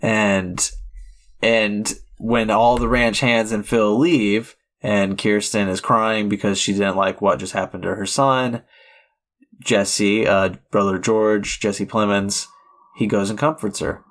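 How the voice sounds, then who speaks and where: On this podcast, a male co-host with a lowish, somewhat bright voice talks movies at a slow pace and a level tone. His casual chat rambles, with many fillers and restarts.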